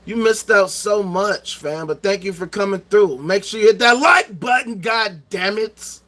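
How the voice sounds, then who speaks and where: A man with a high, bright voice rants to his viewers, swearing often and repeating himself for effect. He sounds middle-aged and keeps firing off rhetorical questions. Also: lively intonation, moderate pace. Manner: loud, profane, repetitive rants. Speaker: streamer. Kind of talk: ranting livestream monologue.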